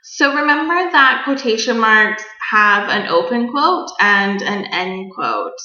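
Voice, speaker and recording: A young woman teacher giving a recorded grammar lesson, explaining clearly and patiently to children. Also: mid-range voice, big pitch swings, slow, pushed and bright. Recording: dull echoey room recording.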